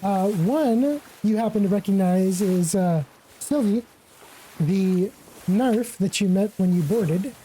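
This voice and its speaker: Woman, game master, very dark mellow tone, relaxed casual narration, filler words. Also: mid-range voice, takes it slowly, a little hiss or hum, low-quality recording. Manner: relaxed, with many fillers like "kinda" and "like".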